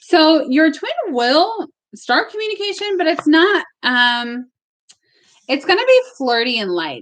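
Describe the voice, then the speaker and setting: A woman with a fairly high voice reads tarot cards on a live stream from home. She talks in a loose, chatty way, gets emotional at times, and swears now and then. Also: fairly bright tone. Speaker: tarot reader. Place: home with barking dogs.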